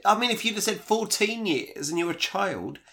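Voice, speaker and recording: A woman's voice: medium pitch, lively intonation, brisk, a bit bright. A woman in casual conversation, reacting to a story with shocked, amused interjections. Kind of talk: casual chat.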